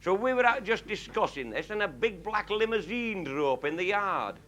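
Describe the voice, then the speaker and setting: A man's voice: sits high, very animated, moderate pace, fairly bright tone. A man telling a comic story to a live audience in a blunt, earthy, chuckling way. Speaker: comic raconteur. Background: audience laughing.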